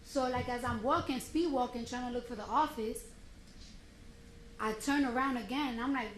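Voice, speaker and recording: A woman testifying in a courtroom, retelling a confrontation in a blunt, animated, slangy way and acting out what each person said. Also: a little high, normal speed. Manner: blunt and animated, slangy street speech, acts out quotes. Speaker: witness testifying. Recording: roomy courtroom sound, faint noise.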